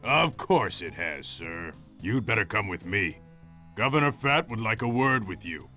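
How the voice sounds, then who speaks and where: An actor playing a suspicious town guard in a video game, whose slow, dry delivery is full of sarcasm. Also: male voice, on the low side, sing-song, bright, forceful tone, faint music behind, heavily acted. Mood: sarcastic.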